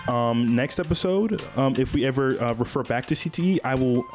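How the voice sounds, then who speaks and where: Fast-talking wry male podcast co-host. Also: mid-range voice, animated, soft background music. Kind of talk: comedy podcast banter.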